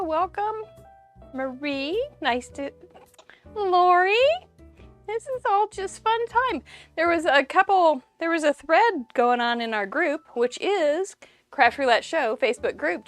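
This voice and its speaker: With a high-pitched, fairly bright voice, a woman runs a live crafting stream. She's bubbly and talkative, laughing a lot and calling out viewers by name.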